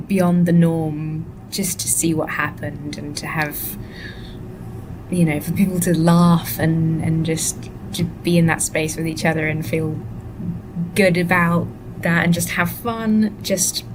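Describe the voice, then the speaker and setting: A woman's voice: steady tone, slow, pauses often. Tired woman rambling into a noisy webcam. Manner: rambling, soft-spoken, drifting into whispers. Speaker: vlogger and actor. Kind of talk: casual webcam vlog. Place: hotel room. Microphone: laptop webcam. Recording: noisy low-quality webcam audio.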